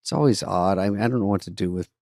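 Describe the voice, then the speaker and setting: A man hosting a podcast, telling a funny story in a wry, rambling, self-deprecating way, with quick asides. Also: low-pitched, vocal fry, darkish tone, no room sound, studio quality. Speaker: podcast host. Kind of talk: casual comedic storytelling.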